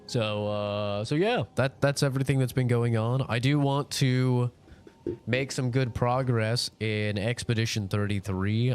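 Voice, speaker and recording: A man's voice: mid-range voice, unhurried, soft background music. A sick young man with a nasal voice, chatting casually with his live-stream audience in a rambling, laid-back way.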